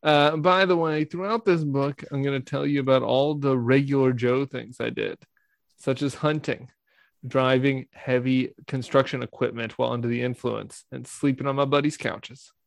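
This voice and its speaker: Deadpan man with a gravelly voice. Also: mid-range voice, normal speed, no room sound. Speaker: podcast guest. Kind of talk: comedic reading of a parody memoir.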